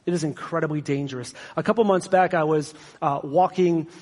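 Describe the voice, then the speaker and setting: A man's voice: a little high, fairly even intonation, brisk, darkish tone. A man preaching a sermon as pastor, conversational and self-deprecating, with sarcastic asides. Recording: long hall reverb.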